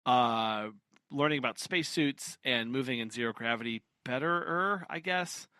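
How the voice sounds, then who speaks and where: A man co-hosting a podcast, mostly chiming in with short agreements and explaining in a halting way. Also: mid-range voice, sharp tone, clean tone, no echo. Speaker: podcast co-host. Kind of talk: casual book discussion.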